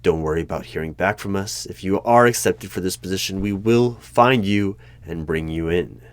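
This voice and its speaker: A man with a deep voice, close to everyday speech, portrays a deadpan, secretive male hiring manager for a hidden bureau, sounding evasive as he asks stiff, bureaucratic interview questions at a normal pace. It's a one-sided audio role-play with no echo.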